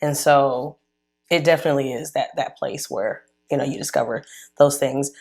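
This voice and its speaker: Low-voiced woman host, supportive. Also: steady tone, moderate pace, vocal fry, darkish tone. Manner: supportive, many short affirmations. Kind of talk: interview chat.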